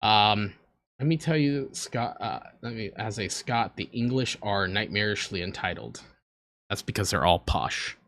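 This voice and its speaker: A man's voice: fairly low pitch, lively intonation, a little slow, fairly bright tone, no room sound. An American man in his twenties or so, talking casually and earnestly while reacting to videos on a stream, sometimes rambling. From United States. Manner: earnest, rambling, emotional at times.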